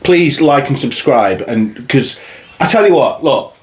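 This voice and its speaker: A man's voice: medium pitch, animated, measured pace, noisy background. A man co-hosting a podcast, joking and teasing his friend in casual banter. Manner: joking, teasing, breaks into laughter. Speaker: podcast co-host.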